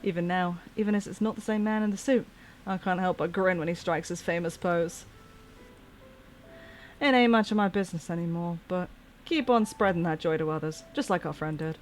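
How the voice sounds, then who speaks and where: A woman's voice: lowish voice, moderate pace, lightly acted. A woman reading aloud as a chatty male workman reminiscing about old times, in a plain storytelling tone over faint music. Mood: fond. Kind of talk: reading game dialogue aloud.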